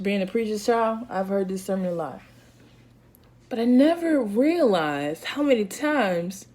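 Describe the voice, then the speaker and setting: A woman, a Christian speaker, giving a casual devotional talk in a lively, conversational and slangy way, often checking in with "right?". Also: medium pitch.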